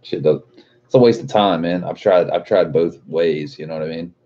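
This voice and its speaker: A man's voice: low-pitched, moderate pace, dark tone, dull audio. A man hosting a casual livestream, reading viewer comments aloud and joking with a lot of profanity and frequent laughter. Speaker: livestream host.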